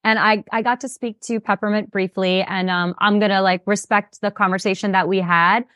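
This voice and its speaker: Chatty animated woman, dry close sound. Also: mid-range voice, fairly quick, no room sound. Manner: animated, laughing, lots of fillers. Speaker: reality show contestant guest. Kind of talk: casual interview chat.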